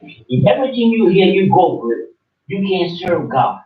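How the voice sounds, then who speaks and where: A man delivering an informal sermon with a fairly high voice, slangy and animated, jumping from loud bursts to quiet asides. He sounds tinny and thin, as if picked up over a phone line, and set back from the mic in an echoey room. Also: normal speed, distant mic. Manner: animated preaching, swinging between loud and soft, slangy. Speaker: religious teacher.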